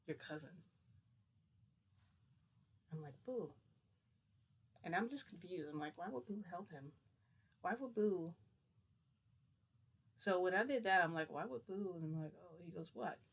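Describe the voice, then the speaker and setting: A man's voice: a little high, gravelly, fairly bright tone, breathy edge. A man casually retelling a personal story to the camera, rambling and acting out dialogue with "I'm like" and "he goes". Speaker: vlogger.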